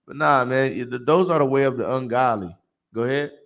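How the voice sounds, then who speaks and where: A man's voice: mid-range voice, a little fast, gravelly, fairly bright tone. A man teaching a religious class in a blunt, emphatic, preachy way, repeating lines for effect.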